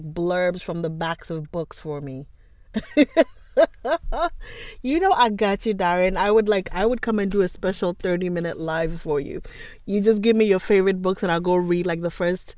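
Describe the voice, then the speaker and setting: A woman's voice: mid-range voice, a little mellow, dry recording. Bubbly woman chatting to stream viewers, dry close sound. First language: Twi. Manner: bubbly, laughs often, greets viewers by name. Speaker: livestream host. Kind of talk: casual chat with live viewers.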